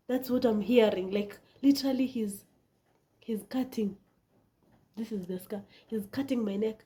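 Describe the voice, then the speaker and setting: A woman telling a personal story in a casual vlog, animated and dramatic, often dropping into a whisper. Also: on the high side, measured pace. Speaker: vlogger.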